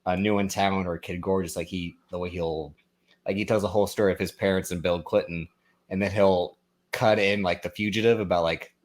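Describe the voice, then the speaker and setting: Very deep-voiced man in casual chat. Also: steady tone, fairly quick. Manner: rambling, retells stand-up bits with many likes and ums. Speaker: podcast co-host.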